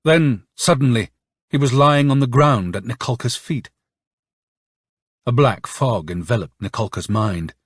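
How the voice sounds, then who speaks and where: Husky, lively male audiobook narrator. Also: mid-range voice, measured pace, no echo, clean studio sound. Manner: expressive, dramatic reading. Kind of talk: scripted narration.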